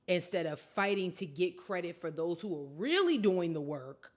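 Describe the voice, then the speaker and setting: A woman's voice: lowish voice, animated, normal speed, hardly any pauses. A woman co-hosting a podcast in casual chat, blunt and emphatic, swearing freely. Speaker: podcast co-host.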